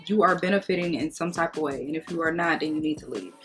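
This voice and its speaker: A woman's voice: low-pitched, quick pace, a bit bright, soft background music. A woman beauty vlogger chatting casually while getting ready, outspoken and sassy with emphatic remarks. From United States. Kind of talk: casual get-ready-with-me chat.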